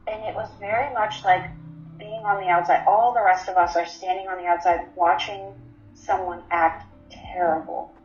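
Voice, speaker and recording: A woman's voice: medium pitch, fairly even intonation, normal speed, soft background music. A woman in her twenties telling her personal story in an interview, candid and matter-of-fact, with frequent ums. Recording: roomy, slightly dull recording.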